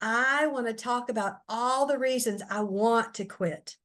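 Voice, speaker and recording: A woman who trains teachers, giving a chatty, animated lesson talk and speaking straight to her listeners. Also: fairly high pitch, measured pace.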